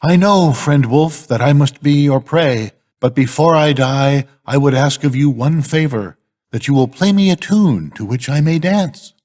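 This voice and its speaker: A man's voice: a little high, measured pace, a little mellow, long reverb tail, voice pushed up. An older man voicing a young goat kid who pleads earnestly with a wolf. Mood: pleading.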